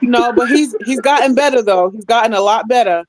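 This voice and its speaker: A woman's voice: a little high, fairly quick, no room sound. A woman guest in a casual podcast chat, telling a blunt story.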